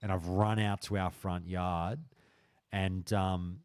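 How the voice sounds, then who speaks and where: A man with a fairly low voice hosts a stream and chats with his viewers. He tells animated stories and swears freely. The recording is dry and close. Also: slow pace, smooth, no room sound. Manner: frequent swearing, animated storytelling. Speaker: stream host. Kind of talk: casual chat with live chat.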